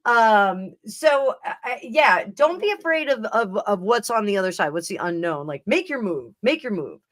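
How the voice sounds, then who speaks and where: Speaking at a normal speed in a medium-pitched, very animated voice, a tarot reader hosts her livestream. The chat is casual and rambling, full of laughter and frequent restarts.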